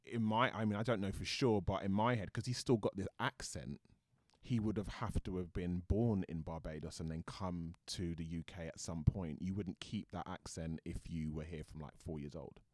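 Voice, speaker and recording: A man's voice: deep voice, fairly even intonation, moderate pace, few pauses, no room sound, studio quality. A British man, an actor guest, chatting thoughtfully in an interview and often restarting his sentences. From Britain. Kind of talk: casual interview chat.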